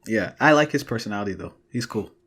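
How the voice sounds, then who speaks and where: A man's voice: fairly low pitch, fast, creaky, fairly bright tone, breathy edge. A young man co-hosting a casual podcast chat, curious and steering it with questions to the group. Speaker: podcast co-host.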